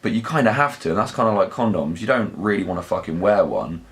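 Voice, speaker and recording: A man's voice: fairly low pitch, animated, fast talker. A young man, telling crude, sweary, rambling stories in a casual vlog. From southern England. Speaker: vlog host. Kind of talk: casual anecdotal storytelling.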